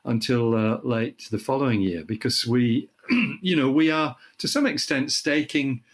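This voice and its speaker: An older man from the UK, with a frog in his throat, explaining space science in casual chat and clearing his throat often. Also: medium pitch, expressive, unhurried. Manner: thoughtful, restarts phrases, clears throat often. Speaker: astronomy guest expert.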